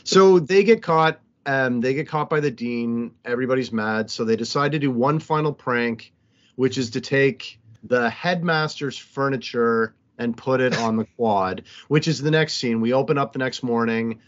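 A man with an ordinary mid-range voice recaps a film in an animated, profane way. The sound is somewhat dull and lo-fi. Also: mid-range voice, moderate pace. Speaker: podcast co-host. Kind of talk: casual movie recap chat.

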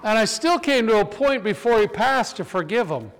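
Male preacher, high and clear-voiced, animated storyteller; sermon in a reverberant hall. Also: moderate pace. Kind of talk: sermon with personal stories.

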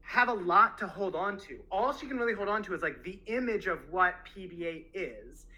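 A man's voice: sits high, expressive, normal speed, sharp tone, low-quality recording. A man co-hosting a book discussion podcast, talking reflectively and reading quotes aloud. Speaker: podcast co-host.

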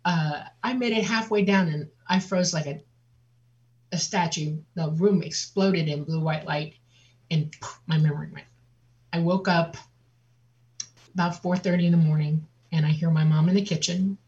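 A woman guest on an interview, telling a personal story in a lively way and acting out the voices of other people. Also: on the low side, normal speed, pauses often. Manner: vivid, laughs often, acts out quotes. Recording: dull lo-fi audio.

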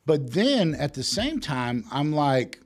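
A man's voice: fairly high pitch, very animated, slow. A man chatting casually on a podcast, telling crude stories in a loose, rambling, profane way. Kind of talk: casual chat.

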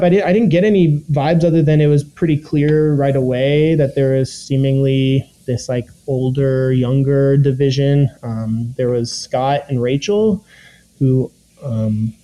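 A man's voice: medium pitch, unhurried, mellow, low-quality recording. A young man and former reality show contestant, casually recounting his experience with lots of fillers and self-quotes. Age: young adult. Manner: rambling, filler-heavy, quotes his own thoughts.

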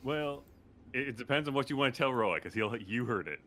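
A man's voice: mid-range voice, lively intonation, a little fast, fairly bright tone, a little hiss or hum. A man playing in a tabletop game, joking and teasing the others at the table. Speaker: player. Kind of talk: casual tabletop play.

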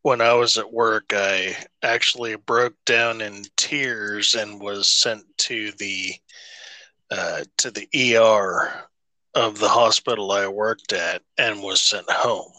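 A man's voice: on the low side, fairly even intonation, takes it slowly, pushed and bright, no echo. A man co-hosting a podcast in casual chat, rambling with many restarts and some swearing. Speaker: podcast co-host.

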